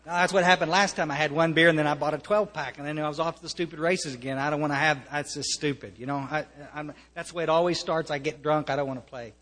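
A man's voice: on the high side, fairly even intonation, fast talker, hardly any pauses, fairly bright tone, slight background noise. An American man giving a personal testimony to a recovery meeting, earnest and conversational, often restarting his sentences and mixing in wry humor. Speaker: speaker sharing at a recovery meeting. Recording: long reverb of a large hall.

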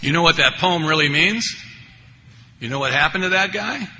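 A man's voice: a little high, animated, normal speed, pushed and bright. An older man giving a rambling, wry personal recovery share, full of conversational asides. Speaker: speaker at a recovery meeting. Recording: echoey hall, faint background noise.

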